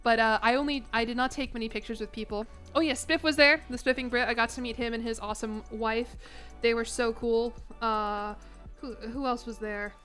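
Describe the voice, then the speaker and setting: A young woman from Chicago talking loosely to her stream, circling back on herself and laughing as she goes. Her voice sits a little high, and faint music plays quietly beneath her. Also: fairly even intonation, a little fast. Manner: rambling, emotional, self-mocking, laughs often. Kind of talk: casual chat on stream.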